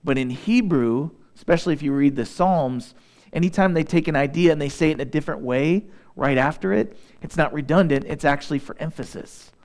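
With a somewhat high voice, a Southeast Missouri pastor works through a sermon. He lingers deliberately over scripture readings, and between them he turns casual and chatty with his listeners.

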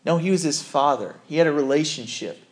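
A man's voice: on the high side, brisk. A man preaching a sermon as a pastor, earnest and conversational, often correcting himself mid-sentence.

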